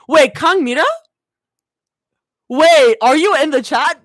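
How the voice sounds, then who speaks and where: A young woman streaming a live fan fiction reading, shrieking, laughing and talking over herself in excitement. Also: high voice, slow pace, long pauses, no room sound.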